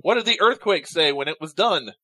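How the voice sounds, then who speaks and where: A man with a high, bouncy voice rattles off corny jokes in loose, joking banter, teasing his co-host and cursing now and then. Loud clicks and drum hits crowd the background. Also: lively intonation, fairly quick, heavy background noise. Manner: playful, swears, reads jokes out. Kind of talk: casual banter.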